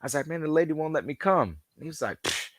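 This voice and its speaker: A man with a slightly high, expressive voice talks fast with a fairly bright tone, recorded in clean studio sound with no room sound. This football-fan podcast guest chats casually, rambling through stories, acting out quoted lines, and leaning on "you know" fillers.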